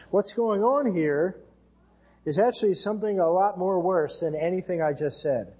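A man's voice: high voice, expressive, moderate pace, mellow, slightly rough. A man with an American accent preaching an earnest sermon as pastor, lifting his voice when he reads scripture.

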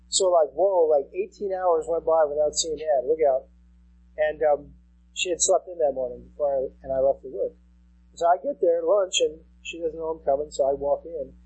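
A man's voice: high voice, poor audio. A man in his thirties preaching a sermon as pastor, conversational and repeating key phrases for emphasis. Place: church sanctuary.

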